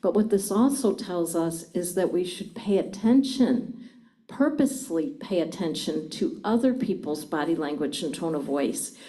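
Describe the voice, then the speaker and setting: A woman's voice: lowish voice, mellow, poor audio. Woman giving an engaging seminar talk. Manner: engaging, asks the audience questions. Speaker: communication trainer. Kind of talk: live seminar talk to an audience.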